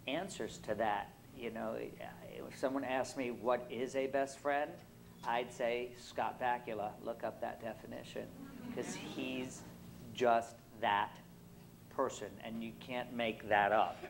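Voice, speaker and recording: A man from Brooklyn with a faint New York accent answers fan questions on a convention panel. He rambles through warm, jokey stories, full of fillers and restarts. A little background noise sits under his voice. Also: medium pitch, steady tone, slow, gravelly, poor audio. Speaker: panel guest. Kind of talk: convention panel Q&A, casual storytelling.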